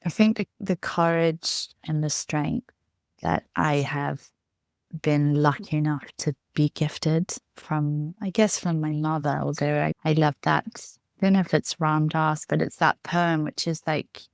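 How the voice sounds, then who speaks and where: A woman's voice: sits low, fairly even intonation, unhurried, gravelly, no room sound. A woman healer as a podcast guest, talking reflectively with lots of "just" and "like". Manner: reflective, many fillers like "just" and "like". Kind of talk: interview conversation.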